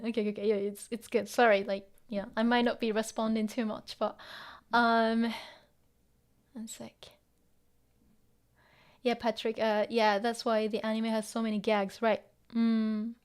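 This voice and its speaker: A woman teaching a casual livestream lesson, chatting with viewers and muttering quietly to herself as she reads the chat. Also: on the high side. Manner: chatty, mixes English with Japanese phrases, murmurs to herself. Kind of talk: casual live-stream lesson, reading chat.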